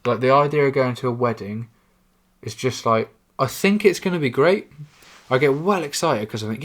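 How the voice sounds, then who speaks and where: This podcaster is a young man with an English accent, his medium-pitched voice lively, slightly bright, and a touch fast. His casual solo monologue wanders, pokes fun at himself, and is full of swearing.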